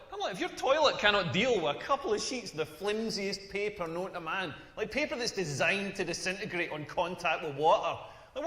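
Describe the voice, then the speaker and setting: A crude Scottish stand-up comic. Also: male voice, high-pitched, bright, forceful tone, reverberant, long reverb tail. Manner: crude, rambling, self-deprecating. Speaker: stand-up comedian. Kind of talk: stand-up routine in a game video.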